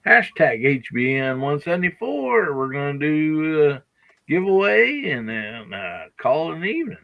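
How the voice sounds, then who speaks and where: Gravelly laid-back podcast host man. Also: on the high side, big pitch swings, unhurried, dull audio. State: has the hiccups. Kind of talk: casual livestream chat.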